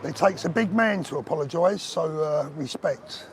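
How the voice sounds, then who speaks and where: An older man talks straight to his viewers on a live stream, earnest and emotional, his voice sitting a little high for a man. Faint street noise and passing traffic hum behind him outdoors. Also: expressive, moderate pace. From England. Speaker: livestream host. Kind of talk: live-stream chat reading viewer comments.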